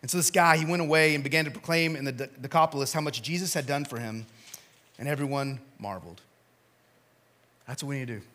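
Bright-voiced animated male pastor. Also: medium pitch, fast. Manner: animated storytelling, swinging from shouts to quiet appeals. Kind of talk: sermon.

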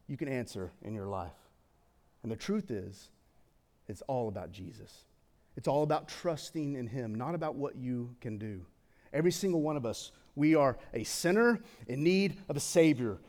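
A young man preaching a sermon in a casual, conversational way, swinging from excited to hushed and solemn. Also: mid-range voice, normal speed. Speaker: pastor.

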